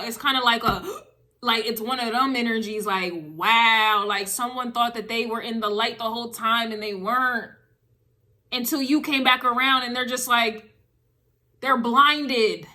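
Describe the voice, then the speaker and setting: A woman's voice: on the high side, fairly even intonation, moderate pace, bright, forceful tone. A woman doing a casual spiritual reading to camera, emphatic and driving her points with repeated phrases. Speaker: tarot reader.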